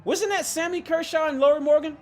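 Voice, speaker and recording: A man's voice: extremely high pitch, fairly even intonation, brisk. A man streaming a racing game, rambling in casual chat, reading chat aloud and laughing often. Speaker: gaming streamer.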